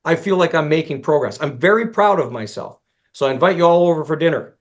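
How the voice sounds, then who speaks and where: A man's voice: on the high side, animated, quick pace, lo-fi sound. A man giving a conversational presentation to fellow golf instructors. He tells a long self-deprecating story, acts out both sides of the dialogue, and often restarts his sentences.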